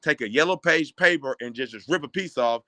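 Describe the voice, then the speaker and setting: A man in his thirties from Kentucky tells stories from his playing days in a bright, forceful voice. He acts out the people in them as he goes. The sound is close and dry, like a podcast studio. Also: a little high, fairly quick, dry recording. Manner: animated, acts out other people's lines. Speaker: former college basketball player, guest. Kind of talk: casual storytelling.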